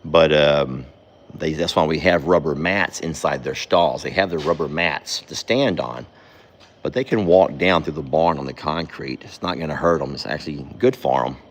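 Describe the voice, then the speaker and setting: A man's voice: extremely low pitch, moderate pace, slight background noise. A man, running a ranch vlog and chatting folksily to his animals and his viewers. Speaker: ranch vlogger. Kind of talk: casual vlog chat. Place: outdoors on a ranch at night.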